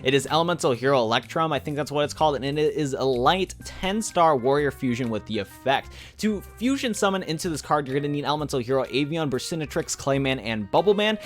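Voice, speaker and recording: A man hosting a gaming channel, talking in a quick casual ramble with many fillers, a little out of breath. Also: fairly high pitch, expressive, soft background music. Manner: rapid rambling delivery with many fillers, says he runs out of breath. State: slightly out of breath. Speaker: YouTube gaming channel host. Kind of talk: fast casual commentary on a mobile card game.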